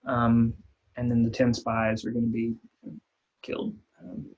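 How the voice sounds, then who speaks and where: A man's voice: mid-range voice, completely flat delivery, measured pace, darkish tone. A man leading a casual Bible study in a church, retelling scripture in plain, folksy everyday terms. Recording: dull lo-fi recording.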